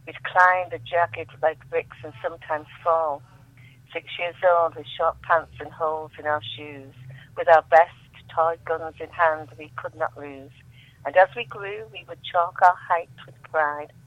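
A woman's voice: sits low, fairly even intonation, a little slow, no echo. A woman reading her own poetry aloud as a radio guest, reciting with emotion and rising repeated refrains. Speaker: guest poet on a phone-in. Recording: tinny dry phone line.

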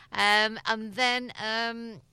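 A woman's voice: on the high side, bright, forceful tone, smooth, no room sound. A middle-aged woman with a Liverpool accent, a guest in an interview, telling chatty anecdotes and laughing often. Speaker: actress guest. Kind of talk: casual interview chat.

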